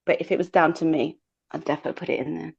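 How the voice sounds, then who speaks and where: A British woman in casual podcast chat, talking things through with plenty of ums. Her voice sits fairly low. The sound is a little muffled and lo-fi. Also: steady tone, very fast, gravelly, a little mellow, breathy edge. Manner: chatty, thinks aloud with fillers. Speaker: podcast co-host. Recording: muffled lo-fi audio.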